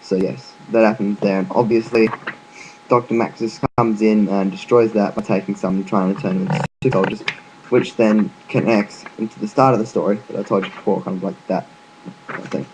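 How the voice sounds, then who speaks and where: Man, lowish voice, casual rambling explainer, fillers and restarts, offhand swearing. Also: steady tone, brisk, a little mellow, a little hiss or hum, low-quality recording. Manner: loose and chatty, with frequent fillers and restarts. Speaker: gaming video narrator.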